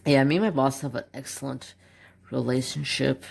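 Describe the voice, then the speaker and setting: A man's voice: mid-range voice, fairly even intonation, normal speed, creaky, breathy edge. A man in his forties chatting casually as a craft channel host, rambling and joking with muttered asides while swatching markers at his home desk.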